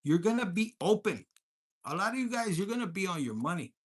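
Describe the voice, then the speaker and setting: A man doing a casual tarot reading to camera. He is crude and profane, jokes constantly, drops Spanish slang into his English and slips into quick mock voices of his listeners. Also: high voice, big pitch swings, husky. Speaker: tarot reader.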